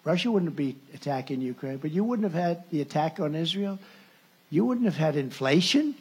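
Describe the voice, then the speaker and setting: At a campaign rally, a male presidential candidate gives a rambling, sarcastic speech, often breaking off mid-sentence to start again. His voice is a little high, animated and husky, at a moderate pace.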